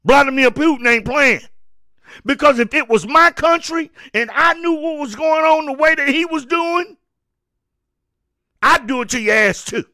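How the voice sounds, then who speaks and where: A man ranting on his own show, voice pitched unusually high and bright. He preaches hard, stumbles over repeated words and breaks into shouts. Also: moderate pace. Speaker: show host. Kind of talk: political rant monologue.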